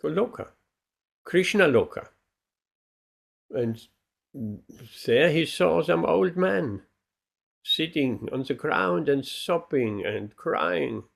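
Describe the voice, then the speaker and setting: A man, a spiritual teacher, telling a devotional story in a lecture, with many pauses and fillers. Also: on the high side, expressive, creaky.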